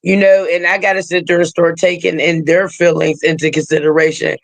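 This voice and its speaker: A woman on a live stream speaking earnestly and reflectively, with a gravelly voice. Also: low voice, level tone, fairly quick, no echo, rough recording. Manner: earnest, reflective, talks about loss. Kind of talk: casual chat on a live stream.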